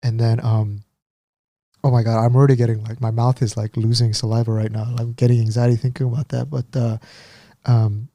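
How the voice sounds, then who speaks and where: A man co-hosting a podcast, chatting casually and telling a story with lively acted-out quotes. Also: mid-range voice, fairly quick, no room sound. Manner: animated storyteller, acts out quotes. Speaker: podcast co-host. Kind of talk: casual chat.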